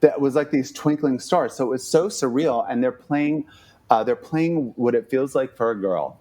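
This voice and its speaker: A man telling a story as a podcast guest, animated, with lots of "like" and acted-out quotes. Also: mid-range voice, normal speed. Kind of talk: casual storytelling.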